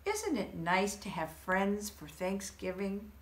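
A woman's voice: medium pitch, big pitch swings, slow, reverberant, a little hiss or hum. A woman voicing a kindly, polite male moose who speaks sweetly, in a storybook reading. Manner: courteous, sweet-voiced.

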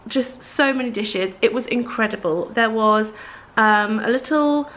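A woman's voice: on the high side, measured pace, fairly bright tone. A woman, chatting candidly to camera in a casual vlog, with lots of asides. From England. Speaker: vlogger.

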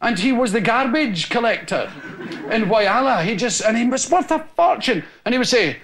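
Scottish male comic, high, sing-song delivery, rambling live stand-up. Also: moderate pace. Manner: animated, rambling anecdotes with audience laughter. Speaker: stand-up comedian. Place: television studio with a live audience. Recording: loud hiss on an old TV recording.

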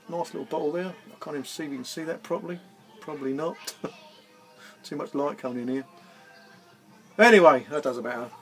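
A man casually reviewing a beer in a rambling, easygoing way, tired after gardening. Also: a little high. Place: indoors, with garden party music outside. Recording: faint music in the background. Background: music from back garden.

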